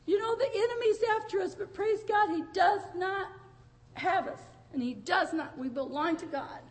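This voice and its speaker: High-voiced older woman preaching emotionally. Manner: emotional, tearful, laughing through stories. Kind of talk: pentecostal sermon.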